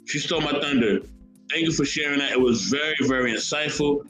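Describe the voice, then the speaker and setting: A man with a slightly high voice hosts a relaxed podcast, chatting loosely and reading a history passage aloud. He repeats words as he goes. The room is echoey and music plays clearly behind him. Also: fairly quick. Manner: animated, repeats words, reads chat comments aloud. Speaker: podcast host.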